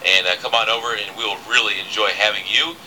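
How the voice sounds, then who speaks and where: A man's voice: lowish voice, steady tone, fast talker, bright, forceful tone, a little hiss or hum, rough recording. A man hosting a casual radio interview, chatty, with many fillers and restarts. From southern United States. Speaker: radio host.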